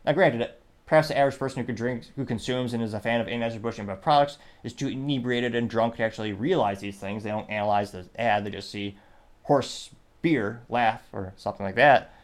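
A male host talks through the day's news in a casual, wry manner. His voice sits at an ordinary middle pitch. He stops and restarts often and reads quotes aloud with a dry edge. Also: fairly quick. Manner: wry, offhand, with frequent restarts. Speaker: show host.

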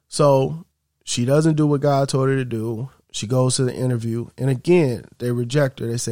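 A man's voice: medium pitch, fairly even intonation, normal speed, darkish tone, no room sound. Man telling a story, casual and dry. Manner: conversational, retells with quoted voices and asides.

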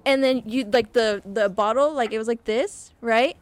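A woman's voice: fairly high pitch, moderate pace. A woman co-hosting a casual podcast, telling a story in a rambling way full of "like" and restarts. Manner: rambling, filler-heavy storytelling. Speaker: podcast co-host.

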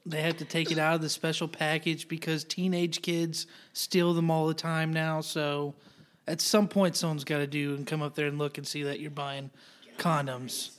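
A man's voice: fairly high pitch, level tone, normal speed, a bit bright, clear, resonant tone. A man co-hosting a casual family game chat, hesitant and laughing as he stumbles through his answers. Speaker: podcast co-host.

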